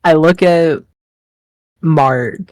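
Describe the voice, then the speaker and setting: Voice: medium pitch, drawn-out words, a little mellow, dry recording. A player in a tabletop game who talks casually, often laughing and hesitating.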